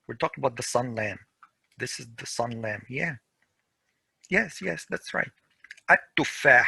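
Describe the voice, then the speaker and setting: Man, teacher, slow drilling delivery, gravelly voice, dry close sound. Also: mid-range voice, pushed and bright, dry recording, rough recording. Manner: slow, repeats words for pronunciation drills. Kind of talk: classroom grammar lesson.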